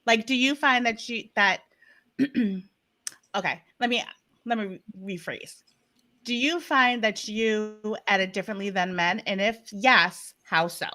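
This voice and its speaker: A woman from Massachusetts with a Boston accent, moderating a virtual panel discussion in an emphatic, animated, playful way over a video call. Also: medium pitch, unhurried.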